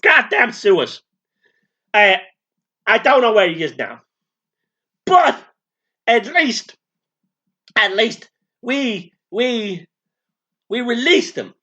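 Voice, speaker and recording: A flamboyant, foul-mouthed male spirit of a showman, put on by a man in a comic channeling sketch. The voice sits high and bright, sweeping wildly up and down as he brags and swears. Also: big pitch swings, slow pace, pauses often, muffled recording, heavily acted. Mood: indignant. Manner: profane, camp and boastful.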